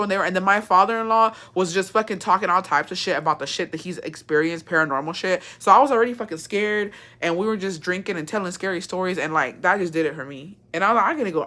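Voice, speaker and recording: With a lowish voice, a young woman recounts a story for her viewers in a loose, lively way. She swears heavily and drifts between English and Spanish as she talks.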